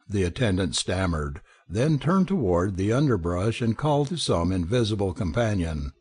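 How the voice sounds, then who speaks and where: A man narrating an audiobook in a measured, expressive way. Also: fairly low pitch, slightly rough. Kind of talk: scripted narration.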